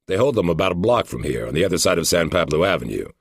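A man's voice: low-pitched, sing-song, fast talker, no room sound, clean studio sound, heavily acted. A man reading as a stern middle-aged male federal agent who talks in a formal, lecturing way. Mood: officious.

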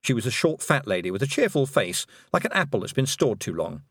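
Animated man reading a storybook. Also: medium pitch, brisk, slightly rough, dry recording, studio quality. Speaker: narrator. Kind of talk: audiobook narration.

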